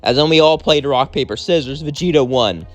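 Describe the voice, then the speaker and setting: A man's voice: on the high side, brisk, lo-fi sound, soft background music. A young man casually narrating his own fan-fiction adventure, rambling and acting out every character himself. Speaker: storyteller.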